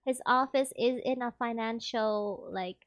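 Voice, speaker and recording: Young woman gaming streamer, giggly, chats with viewers, high voice. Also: a little slow. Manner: giggly, chatty, talks to chat. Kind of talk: casual chat with viewers.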